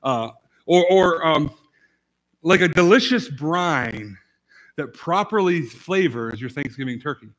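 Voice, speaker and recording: Male pastor, fairly high bright voice, chatty sermon full of restarts and "right?", quiet asides breaking into loud bursts. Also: animated, slow pace. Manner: rambling, repeats words and restarts often, fillers like "like" and "right?"; swings from quiet asides to sudden loud emphasis. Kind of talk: casual conversational sermon.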